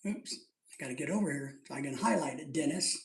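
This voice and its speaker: A man's voice: a little high, lively intonation, fairly quick. A middle-aged man hosting a live stream in casual chat, reading out viewer comments, rambling and joking, laughing often. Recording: roomy echo.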